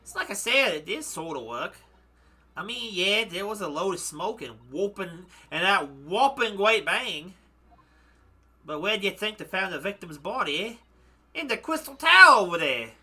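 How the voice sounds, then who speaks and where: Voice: mid-range voice, big pitch swings, normal speed, bright, forceful tone, slightly rough, exaggerated voice. A streamer voicing a cheeky young woman, a former pickpocket, reading game dialogue aloud in a breezy, cocky way.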